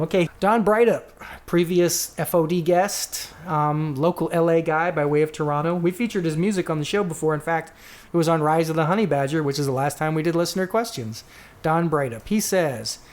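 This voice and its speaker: Chatty man reading listener answers. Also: fairly high pitch. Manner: rambling, self-correcting, reads quotes aloud. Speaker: podcast co-host.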